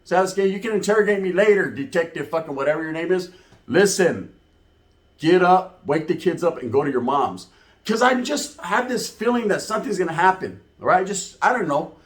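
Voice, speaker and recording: Animated, profane man telling street stories. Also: high-pitched, fairly quick. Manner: profane, slang-heavy, animated. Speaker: storyteller. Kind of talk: comedic street storytelling.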